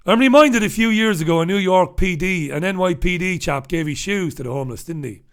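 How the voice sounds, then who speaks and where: Angry guy with a highish voice ranting thru the morning papers, lots of cursing n yelling. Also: fairly quick, hardly any pauses. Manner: heated ranting with heavy swearing, swings to shouting. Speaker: commentator reviewing newspapers. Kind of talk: angry solo commentary.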